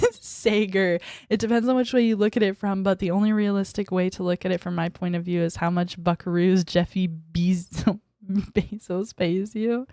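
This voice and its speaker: A woman's voice: mid-range voice, steady tone, normal speed, dark tone, dry recording, studio quality. A young woman streaming as a VTuber, chatting casually with her viewers in a giggly, bratty way and squealing when they tease her. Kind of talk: casual livestream chat reading viewer messages.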